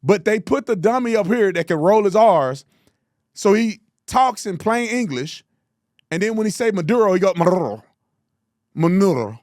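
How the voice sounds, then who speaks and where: A man's voice: high-pitched, lively intonation, moderate pace, darkish tone, no room sound, studio quality. A man hosting a political commentary show, mocking and exasperated, repeating words for emphasis.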